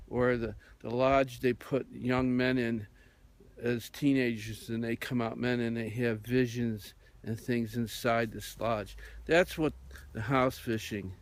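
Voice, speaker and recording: A man hosting on radio, telling a rambling story in a meandering way with many fillers. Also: mid-range voice. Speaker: radio host.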